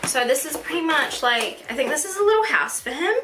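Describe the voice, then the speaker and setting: A woman's voice: high voice, expressive, a little fast. A New woman in her twenties chatting through a birthday haul vlog, gushing and chatty, full of "like" and "oh my god". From New Zealand. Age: 20s. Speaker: beauty vlogger. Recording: echoey room with faint hiss.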